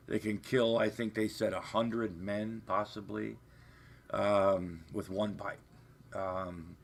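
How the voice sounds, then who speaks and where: Off camera at home, a man hosts a livestream, his lowish voice gravelly and a bit bright. His chat rambles and meanders, and it's full of profanity.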